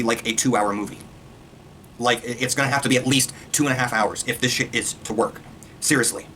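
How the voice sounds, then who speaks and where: Man, mid-pitch voice, amped-up profane rant, faint hiss underneath. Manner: excitable, profane, rapid-fire ranting. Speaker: video reviewer. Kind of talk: casual rant.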